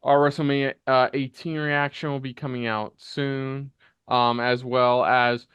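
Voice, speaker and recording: A man's voice: mid-range voice, little pitch movement, unhurried, smooth, no room sound, highs cut off. A man hosting a casual panel show, signing off with an upbeat plug for the channel. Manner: upbeat promotional sign-off. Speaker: host.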